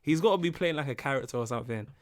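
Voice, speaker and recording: A man's voice: medium pitch, rapid-fire. A British man in his twenties with a British accent, giving casual, incredulous reaction commentary. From Britain. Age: 20s. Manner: animated, incredulous, laughing. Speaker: reaction video host.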